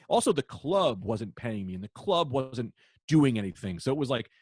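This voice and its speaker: A man, a comedian guest, telling heckler stories in casual podcast chat, profane and animated. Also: mid-range voice, normal speed, husky, no echo, clean studio sound. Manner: profane, animated, acts out shouted quotes.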